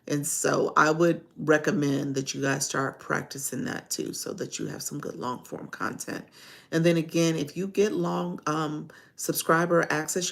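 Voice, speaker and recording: A woman with a Chicago accent chats loosely through a livestream, rambling and laughing. Her voice sits low with a gravelly, fry-heavy edge. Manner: chatty, rambling, laughs often. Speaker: live-streaming coach. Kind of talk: casual livestream talk.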